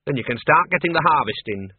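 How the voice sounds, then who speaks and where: A man voicing a blunt older countrywoman farmer who talks briskly and scornfully. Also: deep voice, lively intonation, breathy edge, no echo. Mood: nosy. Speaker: narrator voicing a character. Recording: tinny radio broadcast.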